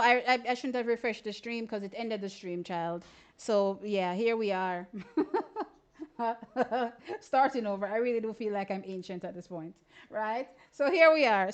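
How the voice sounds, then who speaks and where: A woman, hosting a casual livestream and commenting on sprint races in an animated, exclamatory way. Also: a little high, clear, resonant tone. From Jamaica. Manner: animated, exclamatory, often says "child". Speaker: livestream host. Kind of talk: casual live-stream sports commentary.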